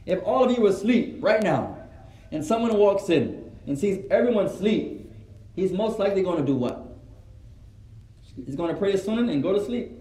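High-voiced man teaching. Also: normal speed, long pauses. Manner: animated, acts out quoted voices, mixes in Arabic phrases. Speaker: Islamic teacher. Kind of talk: religious lesson to a live gathering. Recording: roomy echo.

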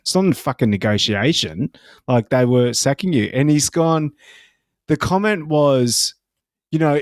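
A man's voice: mid-range voice, animated, unhurried, dry recording. A man co-hosting a sports podcast, chatting casually, swearing freely and laughing as he rambles through his points. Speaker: podcast co-host.

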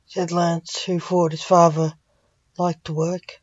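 A woman reading a fantasy story aloud in a plain, unhurried way, on a dull recording. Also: lowish voice, flat delivery, a little mellow, dry recording. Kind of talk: reading her own fan story aloud.

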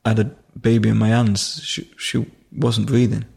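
Man, gravelly voice, flat delivery, emotional, halting, podcast guest. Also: lowish voice. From Durham, England. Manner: halting, emotional, many restarts. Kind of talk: personal storytelling in conversation.

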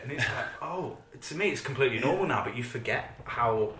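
Bright-voiced English host, chatty and relaxed. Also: male voice, medium pitch, brisk, roomy sound, slight background noise. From southern England. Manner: chatty, relaxed, joking asides. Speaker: podcast host. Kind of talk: casual interview chat.

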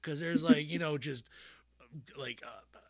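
A man's voice: fairly high pitch, slow. A man co-hosting a casual podcast chat, rambling with lots of fillers, restarts and frequent laughter. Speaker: podcast co-host.

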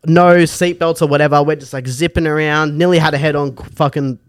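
A young man telling a long story in casual podcast chat, animated and rambling with heavy swearing. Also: on the high side, brisk, clean tone, dry recording. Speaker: comedian.

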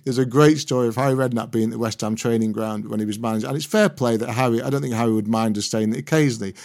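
A man's voice: medium pitch, rapid-fire, a little mellow. A man co-hosting a football podcast over a video call, telling anecdotes with laughs in between. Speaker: podcast co-host. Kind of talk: casual football chat.

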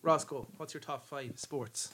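An Irish man hosting a casual podcast with friends, animated and quick to act out stories. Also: medium pitch, breathy edge, dry recording. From Ireland. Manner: animated storyteller, acts out quotes. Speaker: podcast host. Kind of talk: casual banter among friends. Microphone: studio mic.

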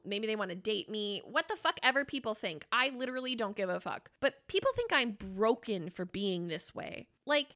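A woman in her late twenties hosting a podcast, delivering an impassioned monologue, blunt and profane, slowing down hard on the phrases she wants to land. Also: medium pitch, sharp tone. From Wisconsin, US. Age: late 20s. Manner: blunt, profane and fiercely emphatic; slows down for emphasis on key phrases. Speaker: podcast host.

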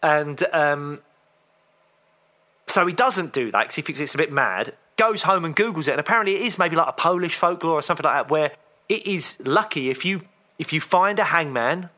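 A man with a bright, clear voice, telling a story at an easy chatty pace. His voice sits a little high for a man. He speaks casually as a podcast co-host. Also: animated, normal speed. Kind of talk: casual chat.

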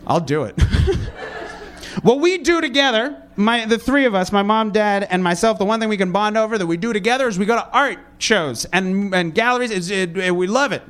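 A young man doing a stand-up comedy set, wry and self-mocking, with a flat delivery that undercuts his sincerity. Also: very high voice.

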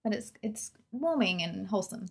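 A woman's voice: medium pitch, moderate pace, gravelly, slightly rough. A woman, chatting casually and animatedly about a film she loved. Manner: animated, chatty, laughs often. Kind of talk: casual film review chat.

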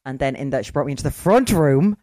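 A middle-aged Irish podcast co-host telling a story in casual chat, acting out the quoted voices with large swings in pitch and loudness. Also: expressive, fast, no echo, clean studio sound.

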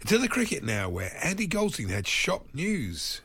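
A man's voice: a little high, wildly swooping pitch, normal speed, a bit bright, breathy edge, dry recording. A man co-hosting a radio show, introducing clips and laughing along with dry asides. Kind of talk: casual chat introducing clips.

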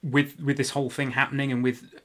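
A man's voice: medium pitch, little pitch movement, fairly quick, a bit bright. A man hosting a casual history podcast, talking loosely with joking asides and frequent self-corrections. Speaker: podcast host.

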